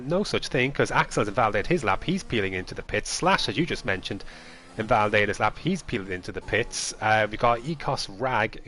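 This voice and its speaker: A man giving lively play-by-play commentary on an esports race, chuckling now and then. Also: fairly low pitch, slight background noise. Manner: lively play-by-play with light laughs.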